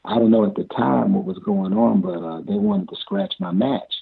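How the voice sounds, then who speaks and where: An older man telling stories from his wrestling career in an interview, halting and repeating himself, often chuckling. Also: on the low side, big pitch swings, vocal fry, husky. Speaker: amateur pro wrestler. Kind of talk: interview storytelling. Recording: tinny phone-like sound.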